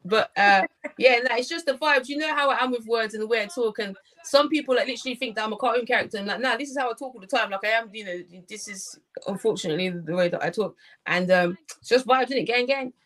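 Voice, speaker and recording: A woman's voice: on the high side, fast talker, a bit bright. A woman, a poet guest in a casual interview chat, slangy and playful, laughing often.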